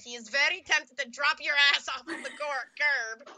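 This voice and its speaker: A woman narrating as dungeon master of a tabletop game, playful and quick to laugh. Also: high voice, sharp tone.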